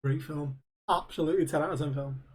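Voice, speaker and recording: A man's voice: on the high side, steady tone, fast talker, darkish tone, breathy edge. A man co-hosting a podcast, chatting casually and quoting film lines in put-on voices. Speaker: podcast co-host. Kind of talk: casual chat.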